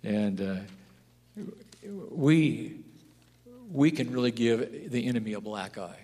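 A pastor preaching a sermon, telling stories and rising to loud, emphatic declarations. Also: male voice, medium pitch, takes it slowly. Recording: long hall reverb.

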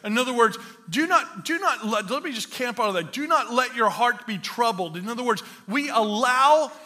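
A male pastor preaches with a high, bright voice that rings through a large hall with a long echo. He tells stories that poke fun at himself, then builds to emphatic points, and his words hang in the reverb of the room. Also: lively intonation, normal speed. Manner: storytelling with self-mocking humor, then building to emphatic preaching. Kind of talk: sermon. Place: church hall.

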